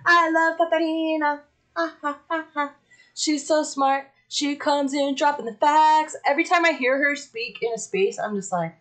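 A woman hosting a casual livestream, chatty and excitable, swearing freely as she talks. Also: fairly high pitch. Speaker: livestream host.

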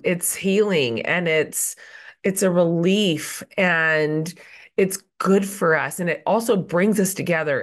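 A woman hosting a podcast, under the weather and a little crackly, talking in an effusive, gushing way. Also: low voice. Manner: effusive and warm, with many fillers. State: sick and slightly hoarse. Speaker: podcast host. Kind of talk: casual interview chat.

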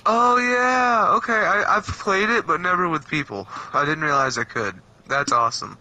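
A young man chatting casually and excitably while playing a co-op game, swearing and laughing often. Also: high-pitched, normal speed, slight background noise. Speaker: gamer. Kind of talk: casual co-op gaming chat.

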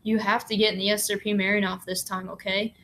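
A woman voicing an earnest young boy who speaks quietly and hesitantly in a storybook reading. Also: medium pitch, level tone, fast, a little hiss or hum, natural voice.

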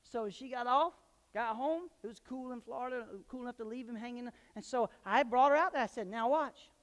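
A male pastor preaching a sermon in a church, telling personal stories and swinging into loud emphatic bursts. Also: very high-pitched, brisk. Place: church sanctuary. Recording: long hall reverb.

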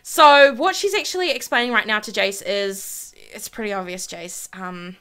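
Bright, chatty young woman gamer. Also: mid-range voice, moderate pace, few pauses, clear, resonant tone. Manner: chatty, dramatic, says "honestly" and "freaking" a lot. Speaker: gaming channel host. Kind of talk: casual let's-play commentary.

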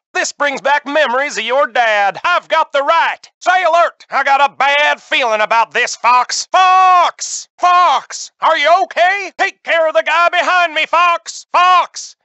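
A man's voice: very high voice, bright, forceful tone, no echo, exaggerated voice. An actor playing an older male hare pilot who mentors his wingman, barking short combat callouts and advice in a video game. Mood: alarmed.

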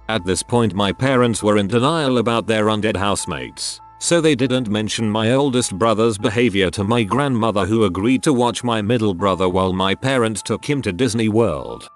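A man narrating online stories in a steady, even reading style. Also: lowish voice.

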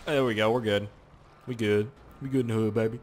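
Young man, casual game commentary, excitable, swears a lot, faint background hiss. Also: lowish voice, fairly quick. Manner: excitable and profane, frequent exclamations and laughs. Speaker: gameplay commentator.

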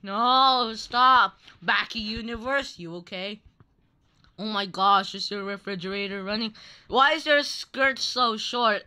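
Young woman, game commentary host; bright, unhurried, playful and teasing. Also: mid-range voice, clean tone. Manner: playful, teasing, laughing often. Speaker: gaming channel host. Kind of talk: Roblox gameplay commentary.

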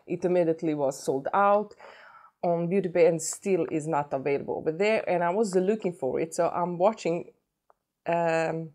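Beauty vlogger, woman from Sweden, has a cold, slightly low voice, gushing and giggly. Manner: excitable, gushing, breaks into giggles. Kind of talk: casual unboxing vlog.

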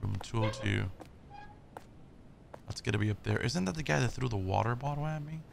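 A man's voice: medium pitch, brisk, vocal fry, noisy background. A young man playing a horror game, reacting with nervous jokes, swearing and startled outbursts. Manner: jumpy, swearing, nervous joking. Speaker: gaming YouTuber. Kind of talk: horror game let's play commentary.

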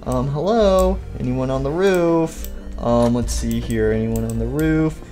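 A man's voice: mid-range voice, a little slow, dark tone, soft background music. A man rambling to himself as he searches around during a game roleplay. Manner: rambling, talks to himself while playing. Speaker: roleplay creator and seeker.

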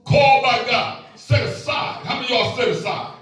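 The voice is a middle-aged man's, very high-pitched and a bit bright, preaching at a normal speed. He goes back and forth with the congregation in call-and-response and makes playful asides, captured in an echoey room from a distance.

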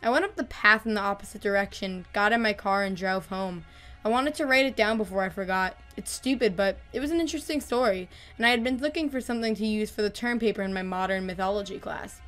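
Faint music runs beneath this woman as she narrates horror tales, steady and measured. Her pitch is moderate for a female voice, and she softens whenever the story turns grim.

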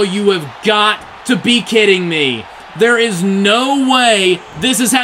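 High, bright, excitable wrestling commentator man. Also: slow, few pauses, some chatter behind, slight background noise, rough recording. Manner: excitable, often shouting in disbelief. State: voice getting strained. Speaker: play-by-play commentator.

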